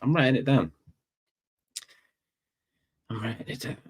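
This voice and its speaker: A man with a London accent hosting a casual livestream, animated and slangy, repeating phrases for effect. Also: medium pitch, measured pace, husky. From England. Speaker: livestream host.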